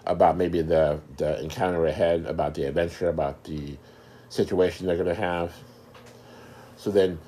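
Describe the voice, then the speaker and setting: Deep-voiced middle-aged man explaining. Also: a little mellow. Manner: unhurried, searching for words, repeats himself. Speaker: host. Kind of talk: casual explainer talk.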